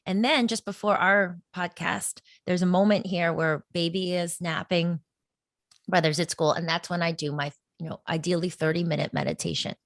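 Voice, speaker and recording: A woman with a lower voice speaks earnestly and at an easy flow as a podcast guest, laughing now and then. The sound is dry and close, with no room behind it. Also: fairly even intonation, moderate pace, vocal fry, dry recording. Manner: earnest, flowing, laughs often. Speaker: podcast guest, meditation teacher. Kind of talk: casual interview talk.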